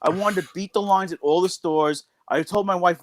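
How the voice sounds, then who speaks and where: A man's voice: high-pitched, moderate pace, a little hiss or hum. A man from the New York area co-hosting a podcast, ranting bluntly and swearing a lot. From northern East Coast of the US, New York area. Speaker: podcast co-host. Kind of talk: casual podcast chat.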